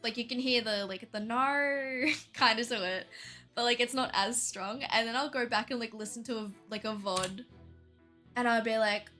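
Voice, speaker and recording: A young woman with a strong Australian accent chatting casually on a livestream, peppering her talk with "like" and quick laughs. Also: fairly high pitch, sharp tone, soft background music. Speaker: streamer.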